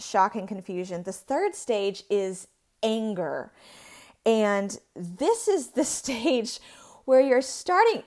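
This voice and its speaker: A woman's voice: medium pitch, darkish tone. A woman in her thirties hosting a faith-based talk on recovering from abuse, speaking in an earnest, emphatic way that rises to intensity. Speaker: podcast host.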